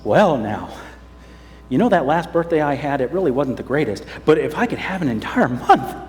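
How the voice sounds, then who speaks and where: A pastor voicing an easily flattered king who reacts with loud exclamations. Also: on the high side, normal speed, slight background noise, voice pushed down. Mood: pleased. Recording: long church hall reverb.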